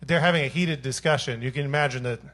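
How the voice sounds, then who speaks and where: A man's voice: mid-range voice, fast, fairly bright tone. A man, a bandleader and singer, chatting on stage between songs in a joking, rambling, self-mocking way. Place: live jazz showcase stage.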